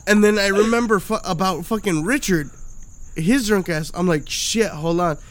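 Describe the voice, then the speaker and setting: A man's voice: sits high, moderate pace. A young man telling a rambling, profane story in casual chat as a podcast host. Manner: profane, rambling, laughing retelling.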